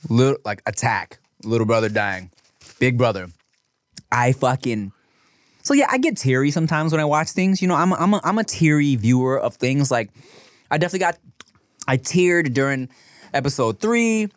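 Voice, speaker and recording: A man, telling stories with lots of swearing and jumping up into high voices when he quotes people. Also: normal speed, no echo. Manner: animated storyteller, swears freely, jumps to high voices when quoting people. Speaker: podcast co-host. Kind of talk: casual food podcast chat.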